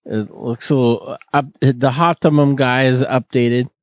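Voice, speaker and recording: A man's voice: mid-range voice, steady tone, unhurried, no echo. Man, podcast host, casual rambling chat, dry close sound. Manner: rambling, joking, many restarts.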